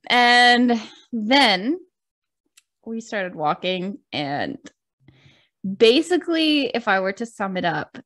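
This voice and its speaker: Animated Canadian woman telling a story. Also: a little high, slow, pauses often. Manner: animated, laughs often, acts out quoted voices. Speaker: podcast co-host. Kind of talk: casual storytelling chat.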